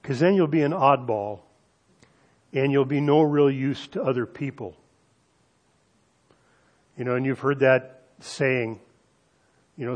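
A male pastor delivering a sermon in a medium-pitched voice. He drags out the phrases he wants to land, then moves on in a conversational tone. He speaks straight to his listeners with asides and questions. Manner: emphatic preaching with slowed, stressed phrases and audience asides.

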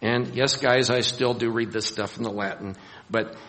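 A man preaching a Bible sermon, animated, acting out scenes and raising his voice for emphasis. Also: mid-range voice, moderate pace. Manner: animated, acts out scenes with rising voice. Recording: long hall reverb.

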